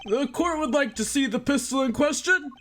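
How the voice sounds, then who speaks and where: A woman voicing an elderly male courtroom judge from the game she is playing, speaking slowly and musingly. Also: high-pitched, fairly bright tone, pitched above the performer's own voice.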